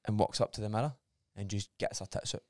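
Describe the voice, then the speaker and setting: A Scottish man hosting a casual podcast, telling stories in an animated way and swearing freely. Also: on the low side, fast, no echo, clean studio sound. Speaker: podcast host.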